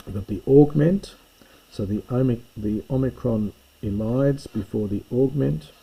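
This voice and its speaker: A man's voice: mid-range voice, a little slow, vocal fry, slightly rough, highs cut off. A man teaching a recorded language lesson, explaining forms step by step in a methodical way. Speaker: Greek teacher. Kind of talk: recorded lecture.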